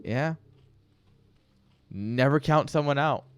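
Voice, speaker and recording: An esports caster and streamer commentates a live video game match, ranting, joking and chatting with his viewers as he rambles along. His medium-pitched voice is slow, clear and resonant, with no room sound at all.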